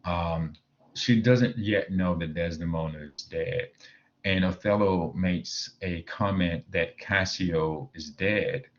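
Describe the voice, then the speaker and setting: Male teacher, deep voice, recorded lecture on a dull laptop mic, chatty with lots of "um". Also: slow pace. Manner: explains with frequent fillers and "right?", reading quoted lines aloud.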